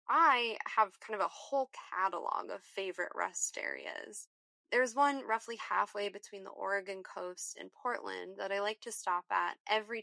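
Woman reading an essay, bright and gravelly. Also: medium pitch, dry recording. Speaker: guest essayist. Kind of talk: scripted personal essay reading.

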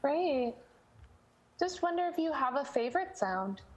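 A woman co-host asking brisk, upbeat questions in a casual interview. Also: high-pitched, big pitch swings.

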